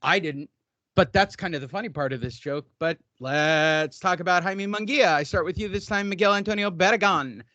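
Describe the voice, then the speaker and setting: A man hosting a casual boxing podcast, excitable and joking, often cutting in with quick remarks. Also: high voice, no echo, highs cut off. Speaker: podcast host. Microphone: headphones, podcast mic.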